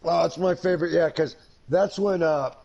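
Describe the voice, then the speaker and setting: A man's voice: on the high side, moderate pace, creaky, a little mellow, muffled recording. A man co-hosting a podcast, retelling a wrestling segment blow by blow, laughing and swearing. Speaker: podcast co-host. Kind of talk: casual wrestling review chat.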